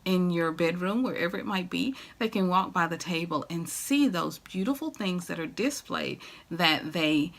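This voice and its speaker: A woman's voice: on the low side, expressive, moderate pace, creaky, fairly bright tone. A middle-aged woman, chatting to camera in a home decor vlog, gushing and laughing often. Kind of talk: casual chat to camera.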